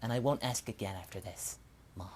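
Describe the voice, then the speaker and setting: Gentle Saiyan son, played by a man. Quiet, warm, reassuring. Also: lowish voice, a little fast, slight background noise, pitched below the performer's own voice, natural voice. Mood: tender. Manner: soft-spoken and reassuring.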